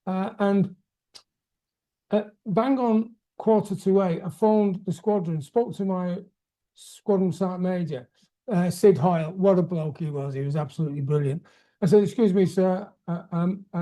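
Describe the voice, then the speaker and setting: A man's voice: high-pitched, moderate pace, mellow. A man hosting a casual chat, telling a story in a hesitant way with many restarts. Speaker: host.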